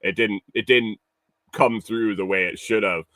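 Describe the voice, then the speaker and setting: A man's voice: lowish voice, steady tone, a little slow, a bit bright, no echo. A man hosting a casual livestream morning show, reading viewer comments, laughing often and swearing, with rambling restarts.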